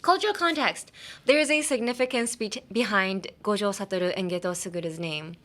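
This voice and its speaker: A woman's voice: mid-range voice, fairly quick, fairly bright tone, faint music behind. A woman hosting a casual podcast that teaches English. She talks in a chatty, playful way, laughs often and uses many fillers. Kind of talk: casual language-lesson podcast.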